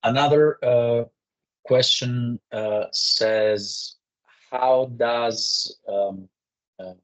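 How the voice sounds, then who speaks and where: A man's voice: medium pitch, fairly even intonation, very slow. A man moderating a session, politely reading out audience questions with many hesitations.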